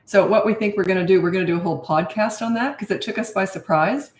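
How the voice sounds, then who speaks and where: A woman's voice: mid-range voice, quick pace. Chatty older woman hosting a live Q&A. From Canada and Australia. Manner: chatty, reads out viewers' hometowns, laughs often. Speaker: parenting coach hosting a live Q&A. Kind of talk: casual live-stream chat. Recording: roomy echo.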